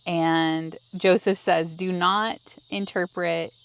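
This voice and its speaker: A woman's voice: lowish voice, little pitch movement, slow pace, creaky. A pregnant young woman co-hosting a casual Bible teaching from a parked car. She reads scripture aloud and adds friendly commentary, and she sounds hot and a bit tired. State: pregnant and overheated. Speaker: ministry co-host.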